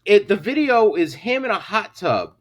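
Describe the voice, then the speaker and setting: A man co-hosting a crude comedy podcast, telling stories with animated delivery and dropping low for quoted voices. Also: moderate pace. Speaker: podcast co-host.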